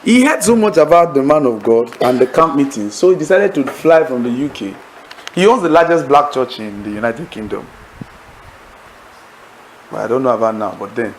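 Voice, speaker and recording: A man preaching to a Bible study class, telling stories in an animated way, acting out laughter and asking the audience leading questions. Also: mid-range voice, normal speed, slight background noise, poor audio. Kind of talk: sermon-style teaching to a congregation.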